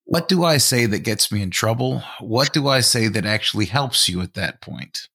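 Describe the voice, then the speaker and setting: A man with a low, gravelly voice poses questions to a guest. He thinks aloud and restarts phrases as he goes. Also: animated, normal speed, bright, forceful tone. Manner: thoughtful, restarts phrases while posing questions. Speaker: interviewer, college professor. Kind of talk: conversational interview questions.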